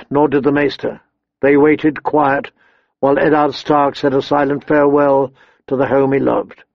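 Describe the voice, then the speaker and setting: A man reading a fantasy novel aloud in measured, steady narration, quietly voicing the characters' dialogue. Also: medium pitch, gravelly, no room sound, muffled recording. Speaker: audiobook narrator.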